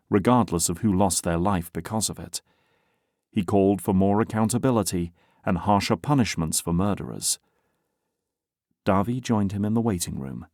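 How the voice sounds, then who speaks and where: A man narrating an audiobook in a steady, even reading. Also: deep voice, no room sound, clean studio sound. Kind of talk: scripted narration.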